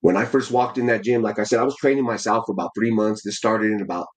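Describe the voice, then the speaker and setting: A heavyweight boxer in his forties, an amateur, tells his story as a guest in a casual interview, using slang, restarting often, and calling the host "bro" over and over. His voice is on the low side with a steady tone and quick pace, and the audio is poor.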